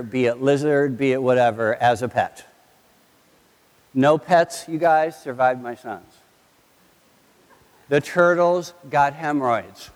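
A middle-aged pastor preaches a sermon, animatedly telling a family story and acting out his sons' lines in a fairly high pitch. The recording has long hall reverb.

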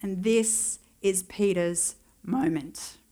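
A woman preaching to a congregation in an easy, conversational way. She reflects and wonders aloud as she retells a story, and slips in dry little asides. Her voice sits at a middling pitch for a woman. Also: slow, warm tone. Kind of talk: sermon.

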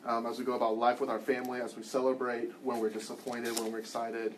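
A man's voice: mid-range voice, little pitch movement, fast talker, slight background noise. A man teaching a church class, leading a group, telling a personal story with wry self-deprecating humor in a loose, conversational way. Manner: loose and conversational, frequent ums and restarts.

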